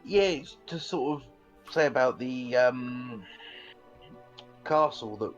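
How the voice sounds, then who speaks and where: A man explains his character's plans in a tabletop game, pausing often and leaning on "sort of." His voice sits at a middling pitch. The call audio sounds a little dull, with faint music behind. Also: animated. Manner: hesitant, full of "sort of". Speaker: player. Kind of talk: tabletop role-play chat.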